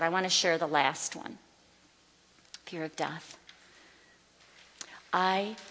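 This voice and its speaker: A woman Bible teacher teaching from a stage, emphatic, slowing down to declare scripture. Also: lowish voice, a bit bright, slight background noise. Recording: long hall reverb.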